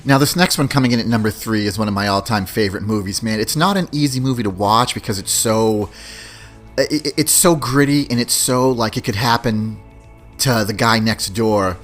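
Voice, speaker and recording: A man's voice: lowish voice, normal speed, fairly bright tone, soft background music. A man in his forties hosting a solo podcast, talking loosely and casually, often tossing in "you know what I mean". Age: 40s. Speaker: podcast host. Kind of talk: solo podcast movie countdown.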